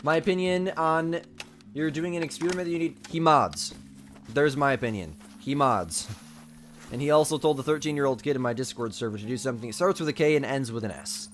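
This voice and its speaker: A man's voice: fairly high pitch, brisk, a little hiss or hum. A man streaming a hunting game live, chatting casually and answering viewers' messages aloud while coughing a bit. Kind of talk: live gameplay commentary.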